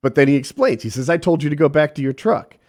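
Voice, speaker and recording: A man's voice: a little high, quick pace. A middle-aged man telling a story in casual chat, quoting the people in it and swearing freely. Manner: animated, profane, quotes people in voices.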